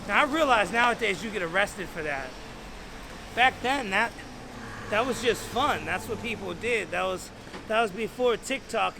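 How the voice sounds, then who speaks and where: A man telling a crude, rambling stand-up story in an animated way. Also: high-pitched, background noise. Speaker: stand-up comedian.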